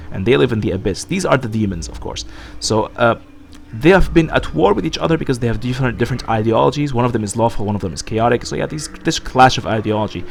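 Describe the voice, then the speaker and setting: Unwell male let's player, chatty and rambling, gravelly voice that swings up and down. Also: medium pitch, slight background noise. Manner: rambling, thinking aloud with many fillers. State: sick. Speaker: let's play host. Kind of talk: gameplay commentary, reading dialogue aloud.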